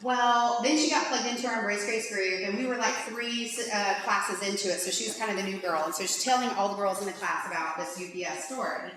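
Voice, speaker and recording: A woman's voice: medium pitch, fairly quick, hardly any pauses. Chatty woman speaker in an echoey hall. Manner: animated, chatty, many "like"s. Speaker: conference speaker. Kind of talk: faith-based conference talk. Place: large lecture hall. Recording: echoey hall from far off, faint hiss.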